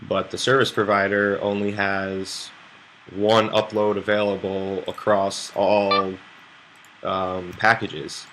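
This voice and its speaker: A man's voice: low voice, little pitch movement, takes it slowly, a bit bright, a little hiss or hum. A young American man streaming poker, chatting to viewers in a loose, rambling way and swearing freely. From United States. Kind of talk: casual live-stream chat to viewers.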